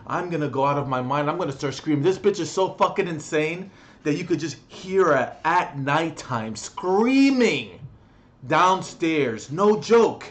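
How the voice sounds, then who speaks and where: Profane, agitated young man ranting. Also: a little high. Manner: profane, agitated ranting with sudden loud outbursts. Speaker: vlogger. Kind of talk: angry ranting vlog.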